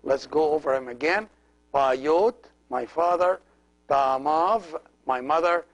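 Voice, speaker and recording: A middle-aged man, a priest, teaching a language lesson slowly and carefully, repeating each word for practice. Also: a little high, rough recording.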